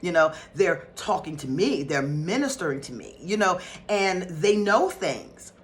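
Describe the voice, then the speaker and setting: A woman from North Philadelphia, a spiritual teacher, telling a story to her viewers in a casual, excitable way with frequent laughter. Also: fairly low pitch, a little slow.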